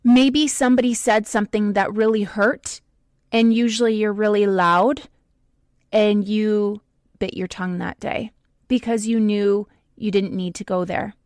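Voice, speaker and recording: A woman hosting a podcast, giving an emphatic motivational talk to the listener with slow, deliberate stresses. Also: medium pitch, fairly even intonation, darkish tone, no room sound. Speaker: podcast host.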